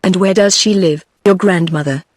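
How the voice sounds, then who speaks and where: A computer-generated woman's voice with a British English accent, reading the lines of a sly scheming male wolf in a fairy tale in an even, mechanical delivery. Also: on the low side, moderate pace, no room sound, close to an everyday voice.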